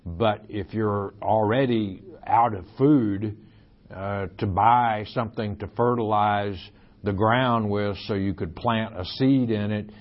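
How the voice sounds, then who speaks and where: A man giving a Bible lecture, reading verses aloud and explaining them in deliberate asides. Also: lowish voice. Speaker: Bible teacher. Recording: dull lo-fi recording.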